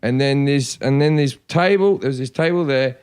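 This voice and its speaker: A man's voice: medium pitch, moderate pace, clean tone. A man hosting a podcast, telling crude drinking stories in casual chat, often acting out the people in them. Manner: swearing, animated anecdotes with put-on voices. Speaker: podcast host.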